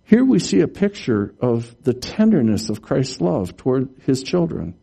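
A man preaching a sermon, explaining scripture slowly and emphatically, rising in pitch and force at key points. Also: big pitch swings, gravelly, mellow, husky. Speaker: pastor.

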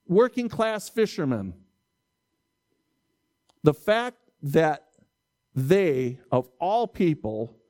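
A man preaching a sermon, lively and expressive, acting out bewildered reactions and stumbling over Greek words. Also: high-pitched. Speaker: pastor.

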